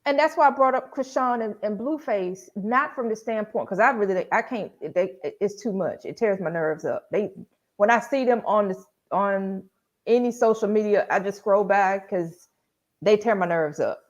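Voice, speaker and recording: A woman's voice: mid-range voice, normal speed, lo-fi sound. A woman co-hosting a casual panel chat, talking in a rambling, chatty way. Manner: rambling, chatty, loses her train of thought. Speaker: panel co-host.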